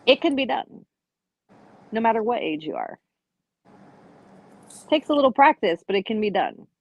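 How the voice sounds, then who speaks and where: A woman's voice: on the high side, big pitch swings, moderate pace, gravelly, dry recording, dull audio. A woman from Brazil and Uruguay on a video call, talking bluntly and emphatically as a panelist in a casual chat.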